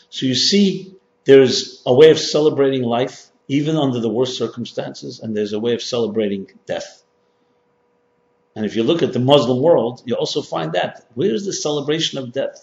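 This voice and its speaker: A man teaching as a rabbi, speaking with emphatic repetition and pushing his key points higher and louder. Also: moderate pace, creaky. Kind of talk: sermon-style workshop lecture. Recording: dull, echoey hall recording.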